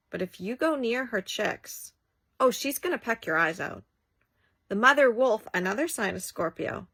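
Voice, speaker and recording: A woman's voice: mid-range voice, sharp tone, dry recording. A woman childbirth educator and coach talking casually to camera, emphatic, acting out what friends might say. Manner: emphatic, acts out quoted friends. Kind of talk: casual talking-head monologue.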